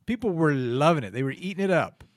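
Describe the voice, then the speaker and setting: This comedy podcast host talks fast in an expressive, somewhat high voice, recorded without echo. He riffs in improvised banter that's dry, theatrical and full of self-mockery.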